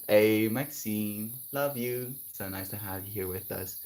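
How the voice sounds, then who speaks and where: A man livestreaming, chatting gently and affectionately with viewers about kindness and spirituality. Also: normal speed, gravelly, hardly any pauses. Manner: gentle, spiritual, affectionate, breaks into high laughing bits. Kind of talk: casual chat reading viewer comments.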